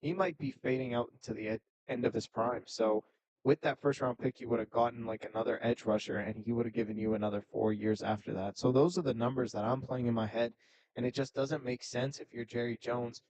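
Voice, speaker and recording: A man co-hosting a sports podcast, calmly reasoning through a football trade in casual talk. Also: medium pitch, a little fast, dry recording, poor audio. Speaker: podcast co-host.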